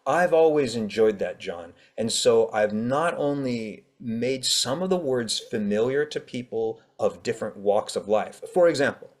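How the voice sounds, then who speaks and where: A man's voice: mid-range voice, lively intonation, measured pace, few pauses. A man, an author, chatting animatedly in an interview, often acting out how readers react. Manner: chatty, with frequent fillers and laughs. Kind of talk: casual interview conversation.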